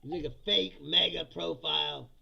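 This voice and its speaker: A man's voice: a little high, normal speed, gravelly, sharp tone, slightly rough. A man hosting a live comedy stream on politics, reading chat and mocking commenters with profane jokes and frequent laughter. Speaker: host. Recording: dull lo-fi sound.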